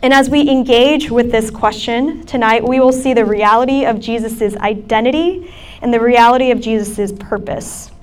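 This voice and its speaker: A woman's voice: fairly high pitch, moderate pace, smooth. A young adult woman gives a casual, chatty sermon to students, with many fillers. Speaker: campus ministry speaker. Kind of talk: sermon talk.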